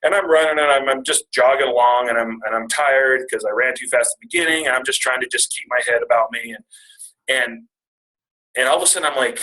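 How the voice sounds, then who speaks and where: A man speaking at a business retreat, telling a personal story to a live audience in a lively, conversational way, often calling them "you guys.". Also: medium pitch, fairly quick, poor audio.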